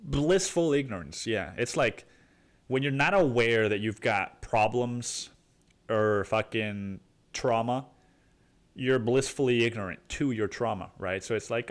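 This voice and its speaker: A man's voice: medium pitch, measured pace. A man hosting a solo rant podcast, swearing and rambling, saying "dude" all the time. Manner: profane, rambling, says "dude" constantly. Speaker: podcast host. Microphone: podcast microphone.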